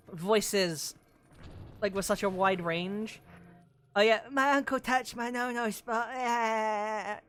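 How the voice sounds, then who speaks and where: A woman streamer chatting casually while she plays a game, rambling and swearing freely with lots of fillers, in a voice she calls androgynous. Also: medium pitch. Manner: rambling and profane, with many fillers.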